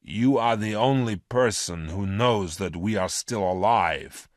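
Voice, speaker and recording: A man's voice: on the low side, a little slow, no echo, studio quality, lightly acted. A man voicing a ruthless male space criminal leader in a storybook reading, with a hard, scheming manner. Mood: harsh.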